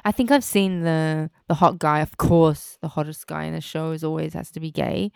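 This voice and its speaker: Chatty woman w a smooth clear voice, dry close sound. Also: low voice, fairly even intonation, normal speed, no echo. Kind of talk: casual chat reviewing a show.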